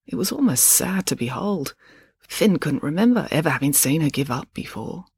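A woman author narrating a storybook chapter in a calm, expressive reading. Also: deep voice, normal speed, slightly rough, no echo.

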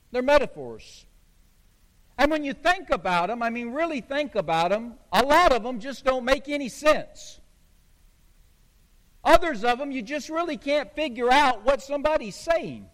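A pastor from the United States preaches in a strikingly high voice, leaning hard on each point. He speaks slowly and deliberately. His sermon rings with the long reverb of a church sanctuary. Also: fairly bright tone. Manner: emphatic, slow and deliberate, preacherly cadence.

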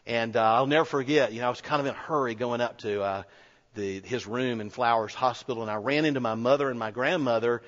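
A man's voice: mid-range voice, steady tone, fast. A man, a pastor telling a personal story in a sermon, earnest and conversational with frequent restarts. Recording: echoey hall, dull lo-fi sound.

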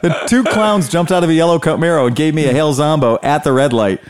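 A man telling stories in a casual chat, animated, acting out quotes. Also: on the high side, quick pace. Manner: animated storyteller, acts out quotes, laughs often.

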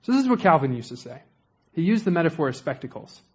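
A man's voice: fairly high pitch, sing-song, fast talker, slightly rough. A young man preaching a sermon in a conversational way, with joking asides to the congregation.

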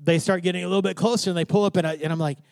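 A man's voice: sits high, fairly even intonation, racing, creaky, no echo. A pastor preaching to his congregation, asking questions and building to fervent emphasis. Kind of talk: sermon.

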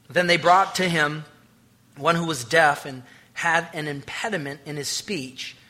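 A male pastor with a voice on the high side preaches a sermon, swinging between loud declarations and hushed, intimate lines. He acts out the voices of the characters in his stories.

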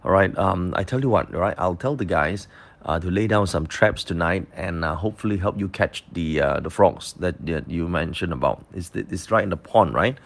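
A man's voice: low-pitched, moderate pace. A man voicing a courteous, eager male lodge manager in a spoken story. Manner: courteous, accommodating.

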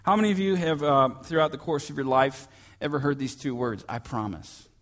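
A man preaching a sermon in a church as the pastor, in a relaxed storytelling manner with frequent fillers. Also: on the high side, fairly quick.

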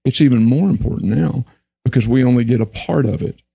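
A man telling a personal business story in an earnest, relaxed conversational way, then giving practical advice over a remote call. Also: mid-range voice, a little fast, gravelly, slightly rough, dry recording, muffled recording. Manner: relaxed, earnest, anecdotal with frequent restarts. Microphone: remote video call.

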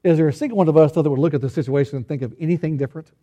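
A man delivers a relaxed, conversational sermon, teasing his congregation and tossing out rhetorical questions. His voice sits a little high for a man, with a soft, mellow tone. He often stumbles and restarts, repeating words as he thinks aloud. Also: rapid-fire. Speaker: pastor.

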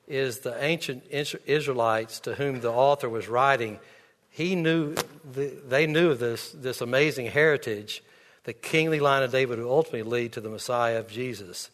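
A man's voice: medium pitch, a bit bright. A man preaching a sermon as pastor, earnest and storytelling, speaking in a church sanctuary. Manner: earnest, storytelling with quoted dialogue. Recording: long hall reverb.

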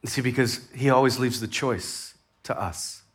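A man preaching a sermon in a conversational way, rising in intensity and then dropping to a hushed tone. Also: mid-range voice, unhurried, breathy edge. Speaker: pastor.

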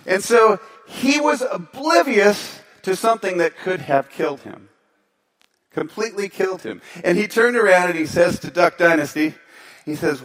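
Animated storytelling male pastor. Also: high voice, unhurried. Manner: storytelling, animated, then softer in prayer. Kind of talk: sermon.

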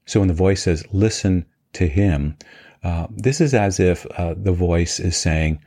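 A man teaching as a pastor, walking through Bible passages in a measured, explanatory way with frequent fillers. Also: deep voice, mellow. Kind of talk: scripture teaching vlog.

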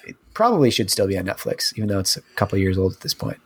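A man's voice: sits low, big pitch swings, very fast, slightly rough. A man co-hosting a casual podcast chat into a studio microphone, rambling with lots of fillers. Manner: rambling, filler-heavy recommending. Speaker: podcast co-host.

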